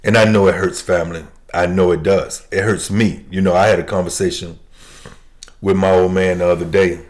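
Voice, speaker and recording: A man preaching a sermon who repeats key phrases and swings between shouted declarations and quiet, low lines. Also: steady tone, normal speed.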